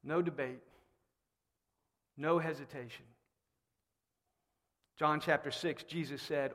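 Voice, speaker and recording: A man preaching a sermon in a church, animated and fond of rhetorical questions. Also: fairly high pitch, slow pace, pauses often. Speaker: pastor. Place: church sanctuary. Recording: long reverb in a church hall.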